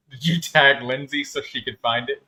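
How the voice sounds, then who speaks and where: A man's voice: mid-range voice, sharp tone. A man chatting casually and teasing others while he streams a game, laughing often. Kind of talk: casual live-stream chat while gaming.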